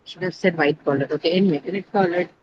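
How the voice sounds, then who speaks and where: A woman's voice: lowish voice, quick pace, muffled recording, background noise. A woman teaching an online English class, explaining step by step and often checking in with her students.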